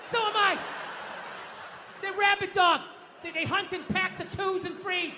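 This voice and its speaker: A middle-aged American man doing stand-up comedy, ranting loudly and profanely with mock outbursts. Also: very high voice, steady tone, normal speed, a crowd in the background, noisy background. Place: comedy stage. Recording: live venue with long reverb.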